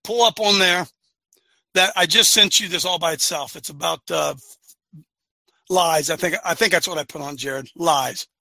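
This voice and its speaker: A man preaching with fire to a live online audience, often raising his voice to a shout. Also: fairly high pitch, normal speed, creaky, no room sound. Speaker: host and preacher of an online show.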